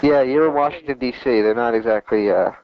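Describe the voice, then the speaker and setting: A man in his twenties co-hosting a casual wrestling talk show, opinionated but measured, often hedging his views. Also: medium pitch, highs cut off, slight background noise. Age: 20s. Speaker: podcast co-host.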